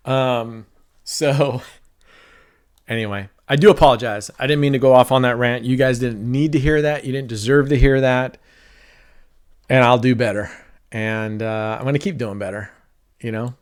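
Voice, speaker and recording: A man's voice: medium pitch, steady tone, moderate pace, long pauses, clean tone. A middle-aged man streaming online roulette, talking casually and at length while he plays. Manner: talkative, rambling, self-described mellow.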